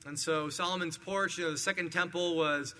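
A man preaches a sermon, working through verses and acting out scenes with lively energy. His voice is very bright and sits a little high. A long hall reverb trails his words. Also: a little fast. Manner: animated preaching with acted-out scenes. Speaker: pastor.

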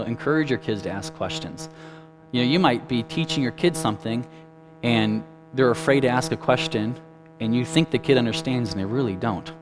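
A man's voice: mid-range voice, low-quality recording. Man preaching casually over music. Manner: casual, many asides, asks the listeners questions. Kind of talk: conversational sermon. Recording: music playing clearly behind.

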